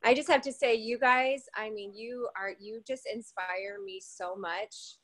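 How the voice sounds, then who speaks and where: A woman's voice: fairly high pitch, steady tone, a little slow. A woman on a video call thanking her team, gushing with gratitude. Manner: warm, grateful, gushing.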